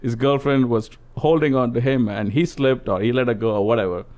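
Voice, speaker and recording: A man, telling a story in a relaxed, chuckling way in casual podcast chat. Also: medium pitch, a little fast.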